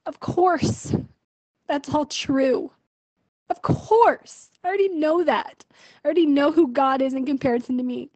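A woman's voice: high-pitched, normal speed, darkish tone, dry recording, low-quality recording. A young woman venting her frustration in a personal video diary, emotional and full of fillers. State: pregnant. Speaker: vlogger.

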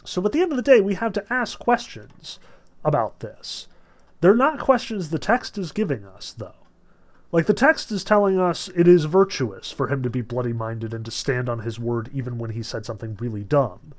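A man's voice: mid-range voice, lively intonation, moderate pace. A man lecturing on literature in a conversational, analytical way, with many fillers. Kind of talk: recorded lecture.

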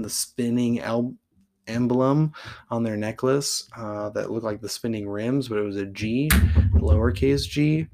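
Podcast host, man, 30s, from Oregon; rambling, profane, casual storytelling with a gravelly low voice. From Oregon, USA. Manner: rambling, fills with "like" constantly, blunt and profane.

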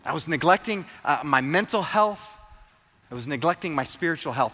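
A man's voice: a little high, lively intonation, brisk, pushed and bright, big-room sound. A man preaching a sermon, retelling a story with earnest, emphatic repetition. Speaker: pastor.

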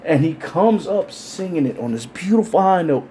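High-voiced man telling wild stories. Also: moderate pace, slight background noise. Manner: animated, acts out quoted voices. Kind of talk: casual profane storytelling.

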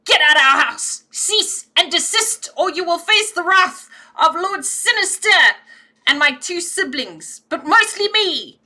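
A woman voicing a bold, pompous young kitten who declaims loudly and grandly. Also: very high-pitched, animated, measured pace, voice pushed up, exaggerated voice. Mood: defiant.

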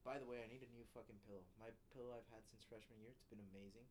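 A young man in casual chat with a friend, telling stories in a loose, profane, animated way. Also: medium pitch, rapid-fire, background noise.

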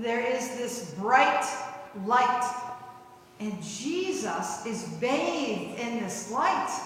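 A woman's voice: on the high side, sharp tone. A middle-aged woman pastor preaching a conversational, vivid sermon full of rhetorical questions, recorded in a church sanctuary. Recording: echoey church hall.

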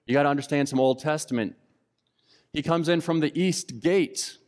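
A man preaching a sermon who acts out the indignant voices of the crowds with lively emphasis. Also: on the high side, moderate pace, long reverb tail. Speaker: pastor.

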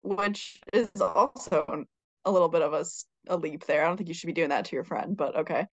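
A woman's voice: low-pitched, brisk, no room sound. A woman co-hosting a podcast, chatting in a playful, opinionated way. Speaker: podcast co-host. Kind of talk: casual chat. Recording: dry, dull lo-fi mic.

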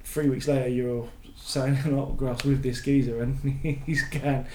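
A man's voice: mid-range voice, little pitch movement, measured pace, warm tone. A man co-hosting a podcast, rambling and swearing as he makes his point. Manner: rambling, swears, acts out quotes. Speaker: podcast co-host. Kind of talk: casual chat. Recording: roomy room with faint noise.

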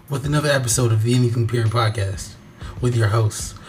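A man's voice: medium pitch, fast, a little mellow, soft background music. A young man co-hosting a podcast in casual banter, rambling with restarts. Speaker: podcast co-host.

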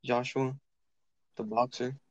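A man's voice: mid-range voice, slow, dry recording. A young man chatting casually, swearing freely and telling a story while acting out the people in it. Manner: animated, swearing, acts out quoted people.

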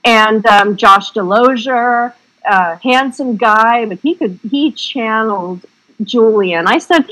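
A woman's voice: a little high, takes it slowly, pushed and bright, poor audio. A woman film director in a casual interview, talking in a chatty, rambling way with frank, salty remarks.

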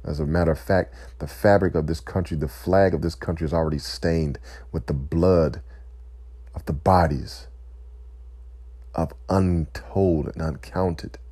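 A man giving an impassioned, emotional speech, weary and close to tears, pausing to collect himself. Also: low voice, fairly even intonation, dark tone, no room sound. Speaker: speaker addressing listeners.

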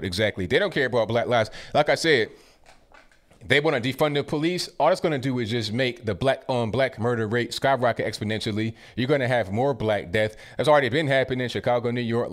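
Casual male live-stream host. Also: medium pitch. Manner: casual, quick asides after each message. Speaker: political commentary host reading viewer messages. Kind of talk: live-stream chat reading.

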